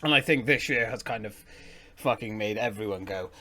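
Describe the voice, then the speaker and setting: A man's voice: fairly low pitch, normal speed, sharp tone. A man co-hosting a podcast, chatting casually and swearing freely. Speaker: podcast co-host. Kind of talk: casual chat.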